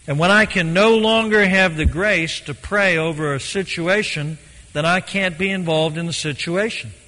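Male preacher, bright, forceful, slightly high voice, delivering an emphatic sermon in a hall with long reverb. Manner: earnest, emphatic, with slow deliberate stresses.

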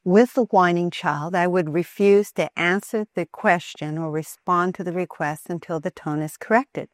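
Low-voiced woman teaching parenting. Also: moderate pace, no room sound, studio quality. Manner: calm, earnest and explanatory. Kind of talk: instructional talk on Christian child training.

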